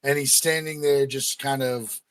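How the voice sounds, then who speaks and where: A man's voice: medium pitch, fairly even intonation, measured pace, a bit bright, smooth, no room sound. A man in the middle of a tabletop game, chatting in a loose, playful way. His voice sits in a middle register. The sound is close and dry. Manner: playful, jokey. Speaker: player. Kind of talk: tabletop role-play chat.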